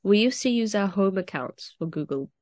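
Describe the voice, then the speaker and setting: On a laid-back podcast she co-hosts with friends, a teen girl animatedly tells stories and performs the voices of people she quotes. She speaks at normal speed in a mid-range, slightly mellow voice, and the recording is dry.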